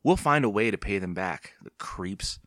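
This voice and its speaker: A man's voice: fairly low pitch, expressive, normal speed, fairly bright tone, no echo, studio quality. A man voicing a spunky young girl. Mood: bitter.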